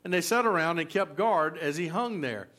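A man's voice: on the high side, animated, normal speed, sharp tone. Folksy preacher, man. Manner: conversational preaching with many fillers and restarts. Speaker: pastor. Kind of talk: sermon.

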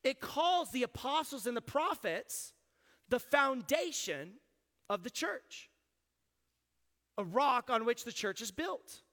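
High bright-voiced pastor preaching in a reverberant hall. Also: male voice, sing-song, slow, pauses often. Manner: conversational preaching, explains and asks the congregation. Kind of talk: sermon. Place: church sanctuary.

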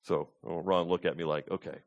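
A man's voice: fairly high pitch, lively intonation, normal speed, dull audio. A man preaching a sermon as pastor, emphatic, repeating his key points and asking the congregation to call out answers.

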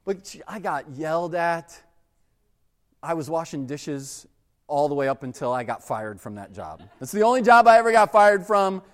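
A young man preaching a sermon, telling stories with lively acted-out quotes. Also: fairly high pitch, normal speed. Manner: animated storytelling with acted-out quotes. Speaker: pastor. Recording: long reverb of a large hall.

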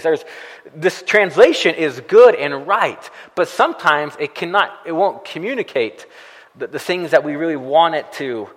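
A male pastor preaching a sermon with a lively, animated delivery that swings widely in pitch. His voice sits a bit high for a man, and he keeps asking the room questions. The sound carries the long reverb of a large hall. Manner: conversational preaching with frequent rhetorical questions and "right?".

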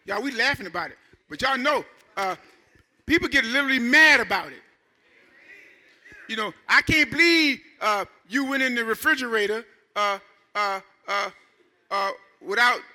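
Middle-aged male pastor, chatty preaching that climbs to shouts, high tense tone. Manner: animated, conversational preaching with rising shouts. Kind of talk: sermon.

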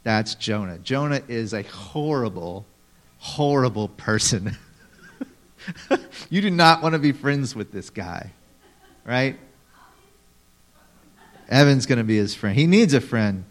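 A man preaching a sermon to a live group, teaching in a lively way and acting out quotes with sudden loud, dramatic outbursts. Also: mid-range voice, slow pace, long pauses. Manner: animated, acts out quotes dramatically, talks to audience members. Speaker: pastor.

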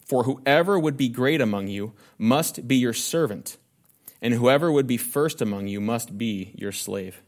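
A man preaching a sermon, asking rhetorical questions and slowing down to stress key phrases. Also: medium pitch. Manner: earnest preaching with rhetorical questions, slows for emphasis. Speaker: pastor.

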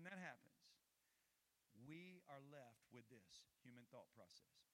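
A man preaching a sermon as pastor, swinging from low, quiet stretches up to loud, heated peaks. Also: big pitch swings, takes it slowly.

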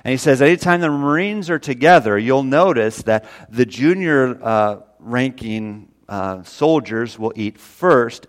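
A man preaching a sermon, folksy and earnest, speaking with energy. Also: medium pitch. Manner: folksy, earnest preaching, rises loud when quoting scripture. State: briefly tearful. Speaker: pastor.

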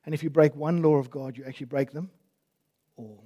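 High-voiced preacher asking rhetorical questions. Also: male voice, fairly even intonation, brisk, muffled recording. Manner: emphatic, asks rhetorical questions. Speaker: pastor. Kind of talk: sermon.

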